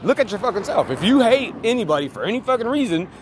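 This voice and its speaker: Fast and high-voiced, with big pitch swings, a man vlogs a rambling, emphatic, profane monologue near traffic. Loud street and vehicle noise runs through the clip.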